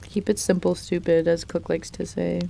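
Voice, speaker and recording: A woman's voice: lowish voice, flat delivery, normal speed, creaky, dark tone, slight background noise. A young woman chatting casually on a live stream while she draws, playfully reading and answering chat messages. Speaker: art streamer.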